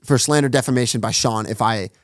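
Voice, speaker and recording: This man speaks at a medium pitch in a dry studio with no echo, chatting away as a podcast guest who hosts his own online show. His casual storytelling interview moves quickly, with acted-out quotes and heavy use of "like".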